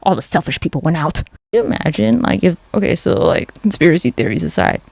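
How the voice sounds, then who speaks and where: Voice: mid-range voice, very animated, fast, creaky, a little mellow, no room sound. A vlogger in casual, rambling commentary, sarcastic and swearing constantly.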